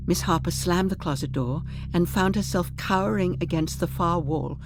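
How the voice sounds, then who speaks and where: A woman reading a short story aloud in a measured, expressive storytelling manner. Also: fairly low pitch, background noise. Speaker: audiobook narrator.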